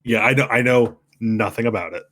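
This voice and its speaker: A man's voice: medium pitch, brisk, a bit bright, dry recording, studio quality. A young man co-hosting a casual late-night game podcast, rambling with lots of restarts and easy laughter. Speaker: podcast co-host.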